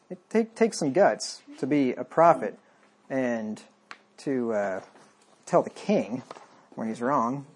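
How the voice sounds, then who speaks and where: Husky-voiced man preaching conversationally. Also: mid-range voice, lively intonation, slow pace, pauses often. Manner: conversational, wry, acts out the king's lines. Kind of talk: sermon with scripture reading.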